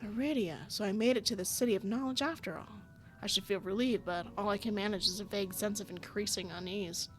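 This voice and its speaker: A woman's voice: medium pitch, brisk, slight background noise. A woman reading a visual novel aloud, narrating and breaking off with giggly, self-deprecating asides. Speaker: game streamer.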